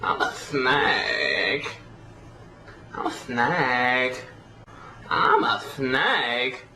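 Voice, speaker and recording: A person putting on a sly, slow voice for a pet pretending to be a sneaky little snake. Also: medium pitch, lively intonation, bright, forceful tone, echoey room, heavily acted.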